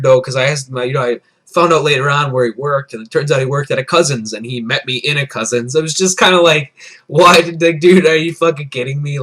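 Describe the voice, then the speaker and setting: A man's voice: medium pitch, fairly bright tone. A young man in his early twenties, tipsy from beer, telling a rambling, profane, self-deprecating story in a casual vlog. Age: early 20s. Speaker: vlogger.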